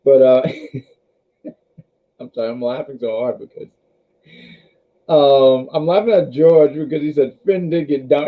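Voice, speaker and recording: A man's voice: mid-range voice, moderate pace, long pauses, phone-quality sound. A man hosting a casual wrestling review stream, rambling with restarts and talking to his live chat.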